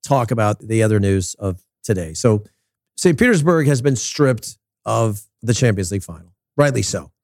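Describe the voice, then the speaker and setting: A man's voice: lowish voice, lively intonation, normal speed, darkish tone, no echo, clean studio sound. A man giving a casual, blunt soccer opinion monologue, ranting and swearing freely while out walking. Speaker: soccer commentator. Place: outdoors walking in Las Vegas.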